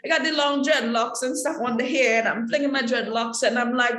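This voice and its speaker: A woman's voice: high-pitched, moderate pace, hardly any pauses. A woman from the Caribbean teaching an acting workshop, talking straight to the room and acting out examples as she goes. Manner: animated, talks to the room, acts out examples. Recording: echoey room.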